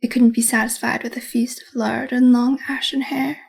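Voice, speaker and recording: Gravelly woman reading a horror game. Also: on the high side, level tone, normal speed. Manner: dramatic reading mixed with casual asides. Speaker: gaming video host. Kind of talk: reading a visual novel aloud with reactions. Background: faint game music.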